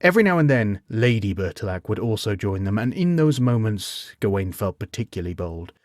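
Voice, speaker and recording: A male storyteller with a lowish voice, reading a bedtime tale with measured pacing and wry humor. The sound is dry and close, with no room around it. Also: big pitch swings, darkish tone, dry recording.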